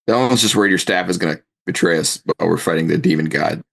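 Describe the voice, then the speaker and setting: A man's voice: sits low, fast talker, vocal fry, fairly bright tone. A man playing in a tabletop game, chatting casually with wry, joking asides. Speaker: player.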